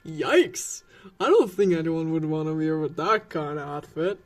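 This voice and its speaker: A young woman doing a lineup of game characters in a lower, theatrical voice. The reads are deliberate and stagey. Faint game music sits under the lines. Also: animated. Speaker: gameplay streamer voicing characters.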